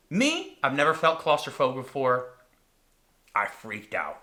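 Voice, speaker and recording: A young man hosting a podcast, telling a story in an animated, casual way and acting out his own reactions dramatically. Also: medium pitch, a little slow, pauses often. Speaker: podcast host.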